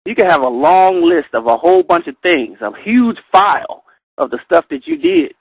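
A middle-aged man leads a Bible study, telling personal stories with a lively, swooping pitch. He slows down and takes care when reading scripture aloud. The sound is thin and phone-like, with no room echo at all. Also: vocal fry, husky. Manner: animated storyteller, reads scripture slowly and carefully. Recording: tinny phone line, dry.

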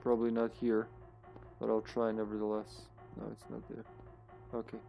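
A man's voice: fairly low pitch, completely flat delivery, normal speed, gravelly, faint music behind. Man muttering through a game stream. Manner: muttering to himself, trailing off quietly. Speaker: streamer playing a horror game. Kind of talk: casual gameplay commentary.

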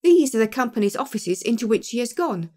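An eager young clerk, as a woman reader puts him on, speaks smoothly and quickly, a little raised and keen. His lines come out glib and assured, lifted above the reader's narrating voice. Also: a little high, sing-song, a little mellow.

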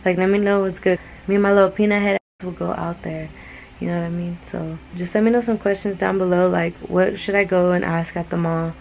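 A young woman from California with a Californian accent, chatting casually to her vlog camera in a relaxed, slangy way, full of "like". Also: on the low side, a little fast, creaky, a little hiss or hum, rough recording. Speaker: vlogger. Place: in a car, then a restaurant. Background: loud music.

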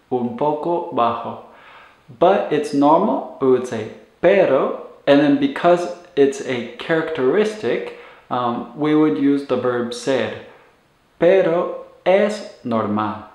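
A man's voice: mid-range voice, a little mellow. A man teaching medical vocabulary, patiently explaining and repeating words so learners can follow their pronunciation. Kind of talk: instructional explanation. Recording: roomy echo.

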